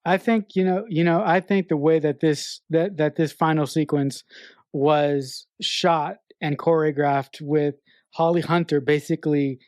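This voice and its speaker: A woman's voice: low-pitched, steady tone, measured pace, darkish tone, no echo, studio quality. A woman co-hosting a podcast, chatting casually about a film, emphatic and swearing as she speaks frankly about her own life. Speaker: podcast co-host. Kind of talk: casual film review chat.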